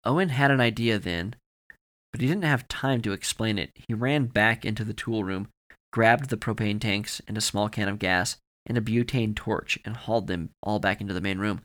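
A man reading a horror story aloud with a somewhat low voice. His delivery is dramatic and shifts with the action. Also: moderate pace, a bit bright. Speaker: podcast narrator.

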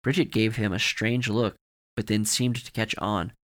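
A man's voice: fairly low pitch, fairly even intonation, normal speed. A man narrating a horror story for a podcast with dramatic, varied delivery.

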